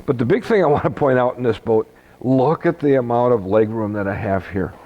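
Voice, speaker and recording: A man gives a folksy walkthrough of a boat's helm, chatting easily and tossing in jokes. His voice sits at an ordinary middle pitch. The recording sounds a little dull and muffled. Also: brisk. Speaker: boat salesman. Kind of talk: product walkthrough. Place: boat dealership.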